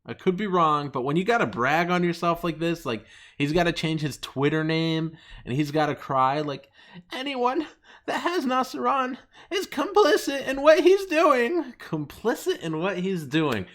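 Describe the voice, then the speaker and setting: Mocking, laughing man ranting. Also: fairly bright tone. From United States. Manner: mocking, laughing often, pitch jumping up when quoting others. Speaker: channel host. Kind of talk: ranting commentary.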